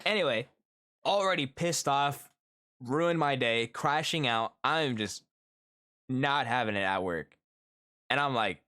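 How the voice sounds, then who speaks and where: A middle-aged man is chatting live with his stream viewers, telling a story about his day. His voice sits at an ordinary pitch but swings up and down a lot as he acts out what everyone said. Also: takes it slowly, pauses often, clear, resonant tone. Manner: animated storytelling, acts out quoted coworkers. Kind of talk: casual chat with viewers.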